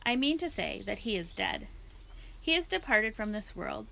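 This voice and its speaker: A woman voicing an eccentric elderly woman philosopher who talks in a formal, digressive, unhurried way. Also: mid-range voice, big pitch swings, creaky, a bit bright. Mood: musing.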